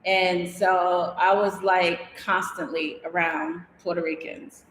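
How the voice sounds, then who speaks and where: A woman's voice: on the low side, little pitch movement, slow pace, slight background noise. Chatty woman in an echoey house. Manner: chatty, rambling, reads viewer comments aloud. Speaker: DIY and design vlogger. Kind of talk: casual livestream chat. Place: house interior in Mexico. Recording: echoey room with long reverb.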